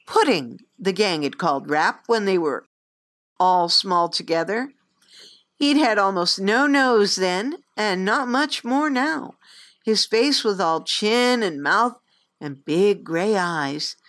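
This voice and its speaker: A woman reading a fantasy novel aloud in an expressive, lively storybook narration. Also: mid-range voice, slow pace. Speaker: audiobook reader.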